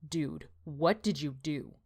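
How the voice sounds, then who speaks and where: A man's voice: a little high, slow. A woman voicing a laid-back landscaper buddy. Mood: sheepish.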